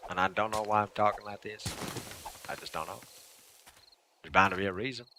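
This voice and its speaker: A man casually chatting and joking while livestreaming a survival game, rambling between low mutters and loud exclamations. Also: steady tone, fairly quick, noisy background. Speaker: gaming livestreamer. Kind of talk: casual let's-play commentary.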